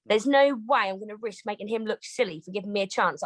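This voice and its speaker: A woman with a British accent, a boxer talking as an interview guest on a video call, rapid, animated and swearing heavily. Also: medium pitch, no room sound, poor audio. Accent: British English. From Britain. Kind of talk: casual interview chat.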